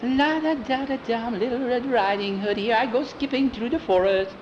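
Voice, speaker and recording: A man doing a shrill melodramatic boy. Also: sing-song, slow, lo-fi sound, background noise, full character voice. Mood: sing-song. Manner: melodramatic wailing. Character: dramatic whiny boy, panicky show-off.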